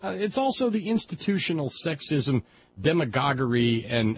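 A liberal talk radio host from West Virginia speaks at normal speed in a mid-range voice. He offers a folksy, rambling, passionate political monologue, and the recording is dull and lo-fi with faint background noise.

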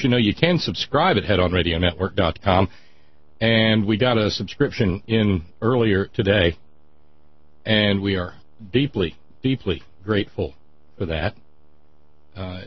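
A man's voice: on the low side, slightly rough, lo-fi sound. A man with a Southern accent hosting a talk radio show in a folksy, rambling, chatty way. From West Virginia. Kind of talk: casual talk radio monologue.

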